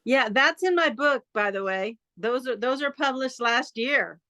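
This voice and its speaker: A woman poet at an open mic, reading her own poems over a phone on a video call in an earnest, measured way, with casual chat in between. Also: high-pitched, pushed and bright, no echo.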